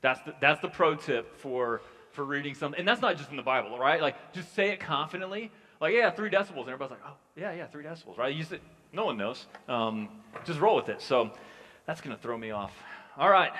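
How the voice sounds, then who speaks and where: A man's voice: fairly high pitch, expressive, brisk, sharp tone. A man preaching as pastor in a casual sermon, chatty and joking in his asides. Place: church hall. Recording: long hall reverb.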